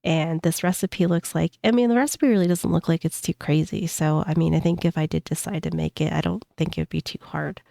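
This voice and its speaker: A woman's voice: low voice, steady tone, fairly quick, creaky, hardly any pauses, mellow, dry recording, clean studio sound. A woman streamer giving casual reaction commentary with a congested, stuffed-up voice, rambling with many fillers. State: congested from a cold.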